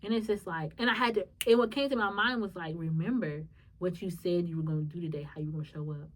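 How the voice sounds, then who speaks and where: A young woman, hosting a podcast and telling a personal story in a lively, animated way. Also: lowish voice, fast, distant mic. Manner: lively, animated retelling with acted-out quotes and laughs. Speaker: podcast host. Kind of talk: casual storytelling monologue.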